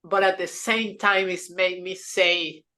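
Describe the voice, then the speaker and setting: Slow, earnest woman co-host. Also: fairly low pitch, steady tone, bright, forceful tone. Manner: earnest, halting, with frequent restarts; speaks non-native English with slips in grammar. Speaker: podcast co-host. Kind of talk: personal storytelling in conversation.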